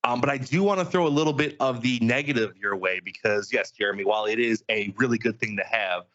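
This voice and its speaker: A man's voice: mid-range voice, fast talker, a bit bright. A man co-hosting a gaming podcast, teasing and wisecracking at the others. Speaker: podcast co-host. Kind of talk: casual podcast chat. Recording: dull lo-fi sound.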